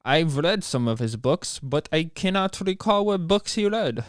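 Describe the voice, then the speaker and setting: A young American man hosts a solo podcast with a smooth, clear voice, recorded close and dry. He rambles, tripping over words and poking fun at himself. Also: on the high side, lively intonation, a little slow, dry recording. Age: young adult. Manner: rambling, self-mocking, stumbles over words. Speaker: podcast host.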